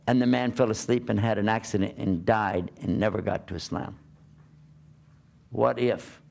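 With a lowish voice marked by vocal fry and a moderate pace, this older American man preaches Islam in a talk-like sermon. He's animated, weaving stories together with rhetorical questions.

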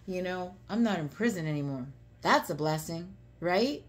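A woman's voice: fairly low pitch, lively intonation, normal speed. A woman giving a casual, earnest devotional talk, chatty and full of fillers and rhetorical questions. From United States. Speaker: faith vlogger.

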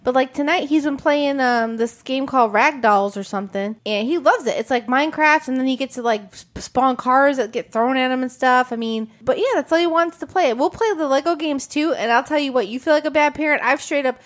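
Woman, high voice, podcast guest, casual joking chat, acts out quotes. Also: a little fast, few pauses. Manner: lively, joking talk with acted-out quotes.

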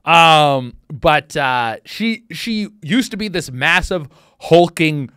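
A young man talking on his comedy podcast in a slightly high voice that leaps up and down in pitch. He riffs loosely, swears often and gets worked up. The sound is close and dry, with no room around it. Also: takes it slowly, clean tone, dry recording. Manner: animated, swearing, excitable riffing. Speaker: podcast host. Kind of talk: casual comedic monologue.

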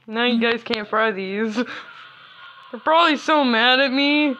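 A young woman chats through her gameplay in a playful, mischievous way, with frequent giggles. Her voice sits a little high and sounds very bright. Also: slow, dull audio, slight background noise. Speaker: gamer. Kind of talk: casual gameplay commentary.

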